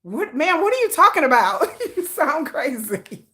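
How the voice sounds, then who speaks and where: An adult woman, old enough to be the parent of a teenager, hosts a casual K-pop livestream and animatedly reads comments, slangy jabs and frequent laughter included. She has a high voice and a slightly slow pace, with a bit of background noise.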